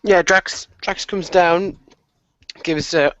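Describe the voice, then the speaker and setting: A man playing a tabletop game, talking in a relaxed and polite way. His voice sits somewhat high. The recording is dry, muffled and a little distant from the mic. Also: slow, no room sound. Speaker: player.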